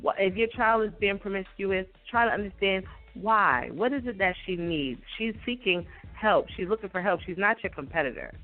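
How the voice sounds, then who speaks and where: A woman co-hosting a radio talk show, speaking in a measured, earnest way with some hesitant restarts. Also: medium pitch, expressive. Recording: tinny phone-like radio audio with faint music.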